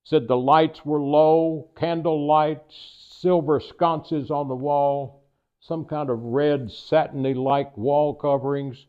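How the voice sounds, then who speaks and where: A man's voice: on the high side, fairly even intonation, slow pace, smooth. An older man with a Kentucky accent, telling humorous anecdotes in an easygoing, folksy way to a local audience. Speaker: guest speaker. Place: private residence, talk to a local society. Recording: tinny phone-like recording.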